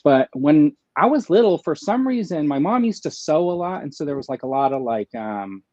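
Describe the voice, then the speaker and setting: A man's voice: a little high, animated, moderate pace, a little mellow, dry recording, lo-fi sound. A man speaking as a guest in a casual livestream chat, rambling with many fillers.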